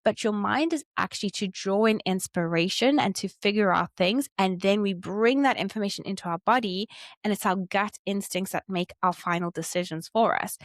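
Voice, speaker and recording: A woman's voice: mid-range voice, dry recording. A woman talks a client through her chart in an encouraging, coaching manner. Her voice sits in a middle range, recorded dry and close with no room sound. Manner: warm, encouraging coaching tone, acting out quoted reactions. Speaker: Human Design chart reader. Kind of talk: one-on-one reading addressed to a client.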